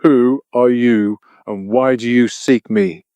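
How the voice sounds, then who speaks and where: Giant floating wizard head, male, slow, commanding, dry storybook reading, done by a man. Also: medium pitch, steady tone, warm tone, no room sound, natural voice.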